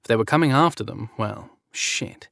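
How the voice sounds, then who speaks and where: A man reading romance audiobook narration in a measured, even manner. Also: lowish voice, vocal fry.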